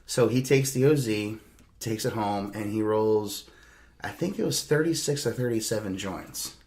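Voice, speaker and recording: A man's voice: on the low side, moderate pace, darkish tone. A young adult man telling a long, rambling, profane road-trip story on a podcast, laughing as he goes. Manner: rambling, profane, laughs through his anecdotes. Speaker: podcast host. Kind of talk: casual storytelling.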